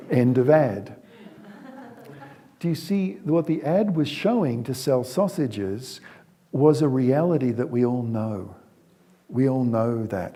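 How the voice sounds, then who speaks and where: A man's voice: mid-range voice, dark tone, slight background noise. A man giving a talk on parenting, telling stories in a conversational way with frequent restarts and acting out the scenes he describes. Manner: acts out the scenes he retells. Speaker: speaker on parenting. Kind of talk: storytelling talk to an audience.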